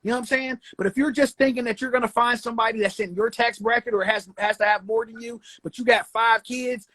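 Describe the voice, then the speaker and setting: Blunt, cussing woman with a bright voice. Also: fairly high pitch, steady tone, quick pace, no echo. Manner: blunt, swears freely, apologetic asides. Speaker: guest. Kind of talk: casual chat.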